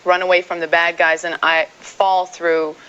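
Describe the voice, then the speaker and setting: Young woman from South Africa, Afrikaans native, crisp bright lowish voice, muffled old TV sound. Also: little pitch movement, moderate pace. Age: 20s. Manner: light, giggly and candid. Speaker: guest actress. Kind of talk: casual interview chat. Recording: dull archival TV audio.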